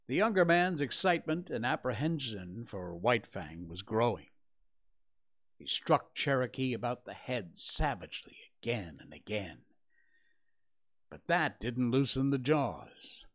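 Male host narrating a classic novel, slow and measured, middle pitch. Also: very animated. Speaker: host reading a novel aloud. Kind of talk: storybook reading aloud.

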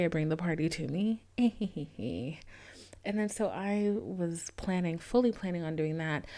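Brief: young woman host, gravelly, slightly low voice, candid rambling monologue peppered with "like". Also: a little mellow. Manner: candid, rambling storytelling with frequent "like" and swearing. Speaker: podcast host. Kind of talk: casual solo podcast monologue.

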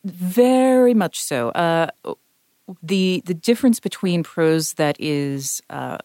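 A woman's voice: sits low, a little mellow, dry recording, clean studio sound. A woman co-hosting a podcast discussion, a voice actor who explains her points thoughtfully with worked examples.

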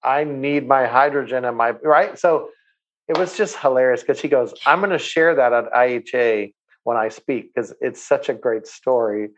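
A man of medium pitch tells a long anecdote on a talk show, animated and acting out the voices of the people he quotes. His audio sounds a little dull and lo-fi. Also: moderate pace. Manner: animated storyteller who acts out quoted voices. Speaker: guest, water company owner. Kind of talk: casual chat, anecdote telling.

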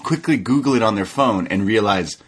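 A man co-hosting a casual podcast, relaxed as he recaps matches and laughs along. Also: lowish voice, fairly quick, breathy edge. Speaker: co-host, wrestling reviewer.

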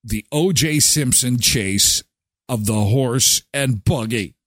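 A man hosting a live daily show, chatting casually in an animated, joking way. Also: slow pace, no room sound, studio quality. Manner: animated, joking, swings in pitch.

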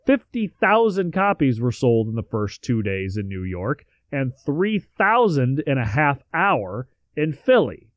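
A man's voice: medium pitch, very animated, measured pace, few pauses, no room sound. Guy on a podcast reading history notes, casual, cracks jokes n swears, dead dry sound. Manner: reads facts then adds joking asides and swearing. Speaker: podcast co-host.

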